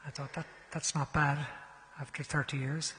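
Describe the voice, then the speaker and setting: A man's voice: fairly high pitch, flat delivery, normal speed, a little hiss or hum. Storytelling man in a reverberant church. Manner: storytelling, swings from hushed to loud. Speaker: guest speaker. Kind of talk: parish mission talk. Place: large church.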